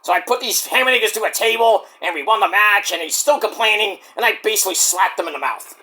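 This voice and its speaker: A man doing an impression of a brash, boastful male wrestler in the afterlife, loud and shouting. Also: high voice, quick pace.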